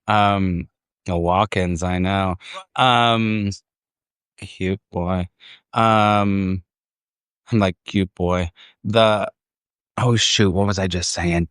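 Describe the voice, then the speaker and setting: A man's voice: lowish voice, a bit bright, no room sound. A man hosting a casual livestream outdoors in a park, rambling, easily distracted and laughing often. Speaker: livestream host. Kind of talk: casual chat. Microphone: phone.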